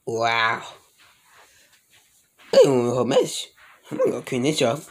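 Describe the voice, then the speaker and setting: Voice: medium pitch, huge pitch swings, unhurried. A speaker improvising a plush toy role-play in a rambling, mumbly way, full of slang and filler sounds.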